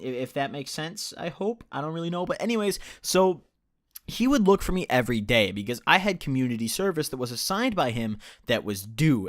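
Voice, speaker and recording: A young man in his late teens talks through a personal story over gameplay, loose and profane, often stopping to restart or correct himself. His voice sits at an ordinary pitch for a man, and the sound is dry with no room echo around it. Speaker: channel host telling a personal story.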